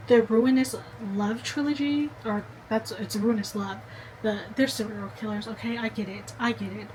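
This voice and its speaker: A woman's voice: on the high side, steady tone, moderate pace, darkish tone, slight background noise, rough recording. A young woman vlogging casually to the camera, chatty and gushing, talking straight to the viewer. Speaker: book vlogger.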